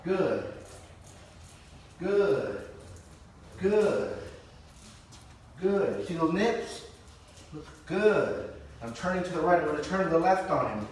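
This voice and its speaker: Man, dog trainer, calm steady explaining, slightly high voice, distant, echoey. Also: takes it slowly, long pauses, a little hiss or hum. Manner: calm explaining, with bursts of high-pitched praise. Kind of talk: live training demonstration. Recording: echoey, distant camera mic.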